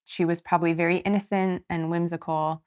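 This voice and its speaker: A woman's voice: on the low side, level tone, fairly quick, a little mellow, smooth. A woman in her thirties hosting a solo podcast, talking in an earnest, encouraging way that turns teary at times. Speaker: podcast host and coach. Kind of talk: casual solo podcast talk.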